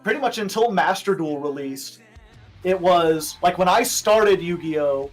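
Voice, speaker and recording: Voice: mid-range voice, expressive, measured pace, faint music behind. A streamer being interviewed in casual chat, laid-back and joking, cursing freely. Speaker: streamer guest.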